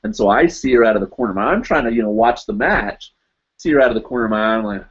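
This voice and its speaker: Man, lowish voice, rambling casual storyteller, muffled lo-fi livestream sound. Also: animated, fast, husky. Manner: rambling, loaded with "you know" and "like". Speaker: live chat show host. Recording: dull lo-fi livestream audio.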